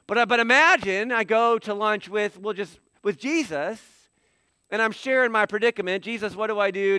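Middle-aged male pastor, bright and crisp, animated sermon delivery. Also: sits high, dry recording. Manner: animated, acts out quoted dialogue.

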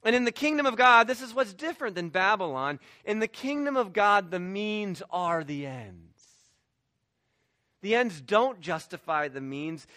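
A man's voice: high voice, animated, a little slow, sharp tone, dry recording, studio quality. A man preaching a sermon as pastor, emphatic, with restarts and quoted asides.

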